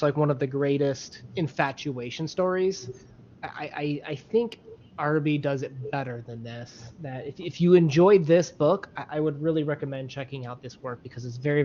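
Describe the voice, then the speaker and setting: A man co-hosting a casual book discussion video, enthusiastic and quick with asides and laughter. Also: a little high, darkish tone. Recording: dull lo-fi audio with faint hiss.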